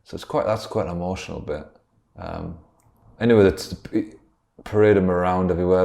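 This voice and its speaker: A man with a Yorkshire accent co-hosts a comedy podcast, telling a rambling improvised story. His voice is very low, gravelly and dark. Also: fairly even intonation, brisk. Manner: rambling, laughs at own jokes. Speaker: podcast co-host.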